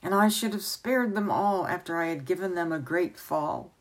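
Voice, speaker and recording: A woman's voice: fairly low pitch, normal speed, lightly acted. A woman voicing an earnest young boy from a storybook who talks eagerly and wistfully.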